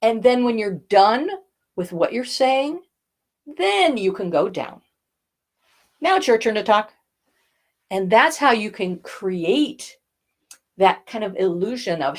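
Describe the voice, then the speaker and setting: A woman voice coach teaching, expressive as she demonstrates airy and edgy tones with her own voice. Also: medium pitch, unhurried. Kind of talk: instructional talk.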